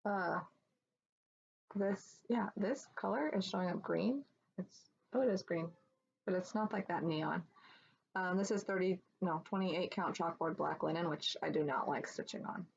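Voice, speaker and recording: A woman with a lowish, gravelly voice chats casually at home, rambling through fillers and restarts as she shows her work. The recording is dull and lo-fi, with a faint hiss of background noise. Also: a little slow. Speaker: cross-stitch vlogger. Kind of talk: casual show-and-tell chat.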